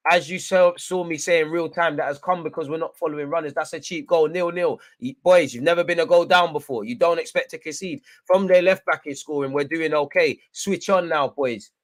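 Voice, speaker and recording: A young man, his voice sitting a little on the higher side, commentating live on a football match as a fan. He talks straight at the players and the manager as though they could hear him. He lurches from groaning at mistakes to loud hype. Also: fairly quick, hardly any pauses. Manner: excitable, urges players on, swings between frustration and hype.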